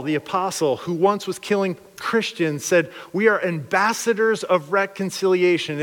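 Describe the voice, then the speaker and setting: A man's voice: high-pitched, a bit bright, big-room sound. A man preaching a sermon in a casual, slangy way, acting out voices of the people he talks about. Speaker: pastor.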